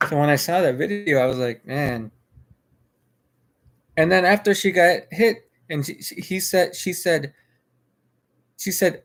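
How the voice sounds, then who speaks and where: A man's voice: on the high side, measured pace, long pauses. Rambling man retelling a viral clip. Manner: rambling with frequent restarts and filler. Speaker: vlogger. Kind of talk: casual spoken commentary.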